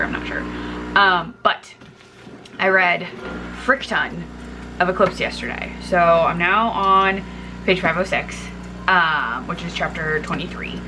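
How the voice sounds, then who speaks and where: A woman's voice: lowish voice, very animated, a little slow, over music. A tired woman chatting casually to her vlog camera at home while making coffee, rambling with fillers and getting heated as she rants. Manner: chatty, rambling, heated when ranting about the plot. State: tired in the early morning. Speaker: book vlogger.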